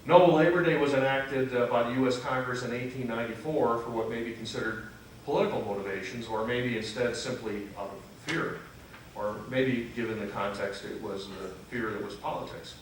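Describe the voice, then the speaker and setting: A man giving a conversational history lecture to a gathering, pausing on fillers and correcting himself as he goes. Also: mid-range voice, a little hiss or hum. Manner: unscripted, frequent "uh" fillers and self-corrections; asks the audience questions. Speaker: lecturer at a freethought congregation. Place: meeting hall with an audience. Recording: very echoey hall, distant mic.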